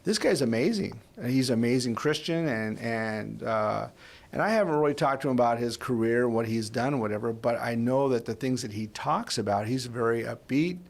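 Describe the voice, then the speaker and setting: Casting note: man in his sixties, faith podcast host, gravelly voice, rambling storyteller. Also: mid-range voice, normal speed. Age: 60s. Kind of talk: conversational podcast interview.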